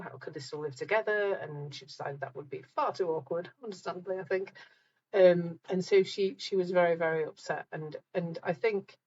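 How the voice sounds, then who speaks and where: A middle-aged woman hosts a live group talk, chatting warmly with her viewers and reading their comments aloud. Her voice sits a little low and comes across breathy. The live-stream sound is dull and lo-fi. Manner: chatty, reads out viewer comments, laughs at herself.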